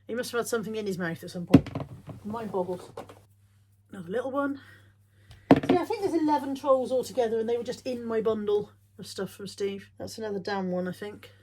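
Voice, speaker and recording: Woman, middle-aged, wry casual vlogger, slightly high voice. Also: a little fast, very noisy. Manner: chatty, wry, thinks out loud. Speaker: reseller showing bargain finds. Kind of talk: casual chatty vlog.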